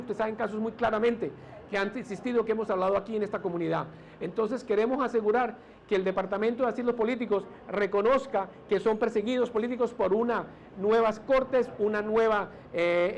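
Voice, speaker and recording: A man's voice: high-pitched, highs cut off, slight background noise. A man with a Colombian accent giving a speech at a podium as a community leader, hesitant and repeating words. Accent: Colombian Spanish. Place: indoor event hall. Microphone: podium mic.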